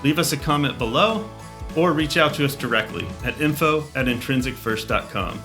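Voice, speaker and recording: Man, podcast host, easygoing, mid pitch, faint background music. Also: animated, normal speed. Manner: easygoing, wraps up the episode. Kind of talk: casual chat and scripted outro.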